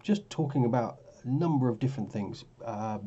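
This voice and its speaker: Here the tired trading vlogger's mid-range voice is expressive, mellow and fairly quick as he rambles through his forex charts and corrects himself. The audio sounds dull, with a little hiss or hum, in this relaxed screen-share commentary.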